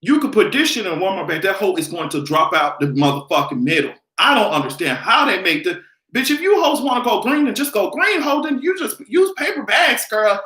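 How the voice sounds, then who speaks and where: Male vlogger, brash profane rant, bright tone, roomy echo. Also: high-pitched, fairly quick. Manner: loud, animated, profane ranting. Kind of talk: live stream rant.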